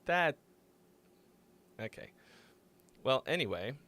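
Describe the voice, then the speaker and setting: A man's voice: mid-range voice, very animated, slow pace, a bit bright. A young man hosting a live music-critique stream, chatting loosely, rambling and swearing freely. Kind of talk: casual live-stream chat.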